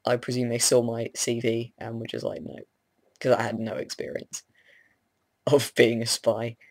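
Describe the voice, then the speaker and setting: Young man vlogging, groggy and rambling, mid-pitch voice, dry close sound. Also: completely flat delivery, normal speed, a little mellow, no room sound. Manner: rambling, hesitant with many ums, self-deprecating. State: groggy, just woken up. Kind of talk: casual rambling chat to camera.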